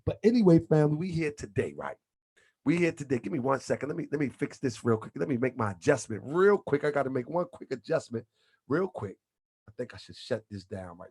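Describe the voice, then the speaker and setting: A man's voice: mid-range voice, darkish tone, breathy edge. A man hosting an online show, talking loosely and in slang to his viewers as family, live from his home computer setup. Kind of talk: casual livestream talk.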